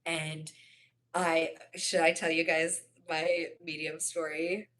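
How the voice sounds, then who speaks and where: A woman's voice: low-pitched, flat delivery, slow pace, fairly bright tone. A young woman chatting on a livestream, reading viewers' comments and rambling through stories with lots of fillers and self-corrections.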